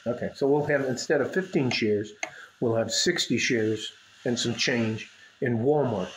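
A man with a West Texas accent talking casually and bluntly to his viewers, rambling and swearing now and then. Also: mid-range voice. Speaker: vlogger. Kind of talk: casual direct-to-camera talk. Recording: echoey room with faint ambient noise.

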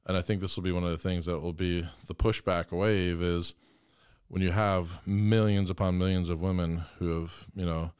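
A man's voice: low-pitched, clean tone, dry recording, clean studio sound. A man, a priest, talking earnestly and with passion in an interview. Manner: earnest, impassioned storytelling. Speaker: guest priest. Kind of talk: conversational interview.

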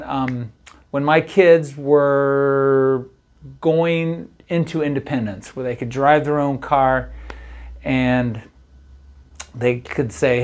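Folksy middle-aged pastor giving a devotional. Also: male voice, medium pitch. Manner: conversational, folksy, often asks "right?". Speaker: campus pastor. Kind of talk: daily devotional talk.

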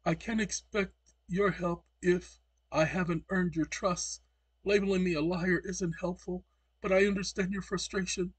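A man voicing a defensive AI chatbot in a mocking, whiny tone, pitched far above his own voice. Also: steady tone, normal speed, breathy edge, dry recording.

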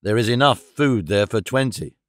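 A man's voice: medium pitch, normal speed, no room sound, clean studio sound, natural voice. A man voicing a weary, hungry male traveller who speaks plainly and insistently.

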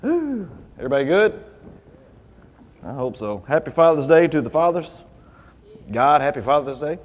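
A pastor delivers a relaxed, conversational sermon to his congregation, packed with rhetorical questions. His voice is fairly high at a normal speed, and the church sanctuary gives the recording a reverberant, hall-like sound.

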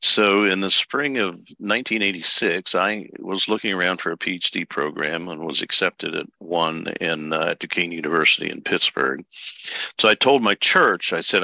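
An older man in his seventies from Texas, a pastor, telling his life story as a podcast guest, unhurried and anecdotal with fillers. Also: low voice, gravelly, bright, forceful tone, no echo, poor audio. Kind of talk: storytelling interview.

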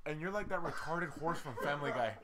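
A young man telling a profane story to his friends on a live stream, loud and animated. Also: on the high side, fast talker, noisy background. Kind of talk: casual group chat on a live stream.

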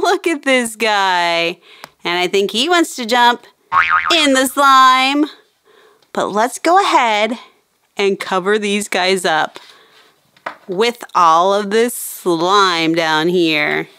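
A woman presenting a playful toy demonstration for children in an excited, sing-song way, with playful roars. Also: a little high, slow pace, no echo. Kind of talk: playful toy demo for kids.

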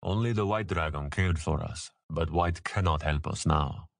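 A man voicing a powerful, caring grown man who speaks softly, proudly and gravely in a storybook. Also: extremely low pitch, moderate pace, no echo, studio quality. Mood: solemn.

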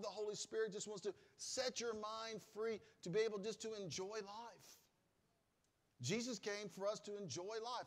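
Pastor guy preaching hard, pretty high voice, big echoey church sound. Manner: emphatic, builds to loud exclamations; leads the congregation in call-and-response. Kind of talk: sermon. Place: church sanctuary.

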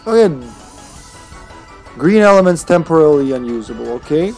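A man's voice: on the high side, big pitch swings, normal speed, darkish tone. A man streaming a game live, chatting in a laid-back way, swearing and laughing. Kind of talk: casual live gameplay commentary. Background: game music.

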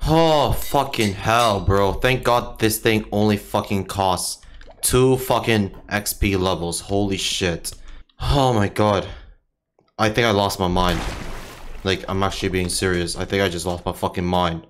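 A man's voice: on the low side, unhurried, clear, resonant tone. A young man giving casual gameplay commentary, frustrated and swearing often. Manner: frustrated, swears a lot, swings into loud outbursts. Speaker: gaming streamer.

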